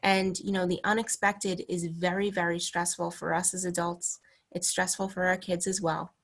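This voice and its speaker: A woman's voice: on the low side, little pitch movement, normal speed, fairly bright tone. A woman presenting an online parenting talk over a video call, conversational and full of "you know" fillers. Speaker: webinar presenter.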